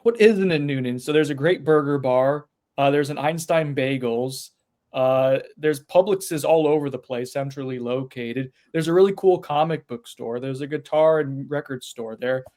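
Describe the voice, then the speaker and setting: A man's voice: mid-range voice, moderate pace, darkish tone. A man hosting a sports podcast, leading the casual chat in a playful, talkative way. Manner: chatty, playful, leads the talk. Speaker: podcast host.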